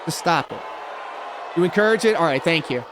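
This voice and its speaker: A man hosting a livestream reaction show, commenting casually with sarcasm and sudden animated outbursts. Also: on the high side, a little fast, a crowd in the background, background noise. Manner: animated, sarcastic, bursts into shouts and laughter.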